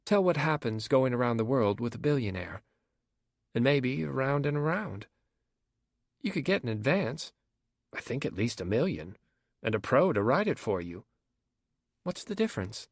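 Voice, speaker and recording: A man's voice: medium pitch, very animated, moderate pace, vocal fry, long pauses, dry recording, studio quality. A man reading an audiobook, voicing a blunt young woman who talks frankly and teasingly.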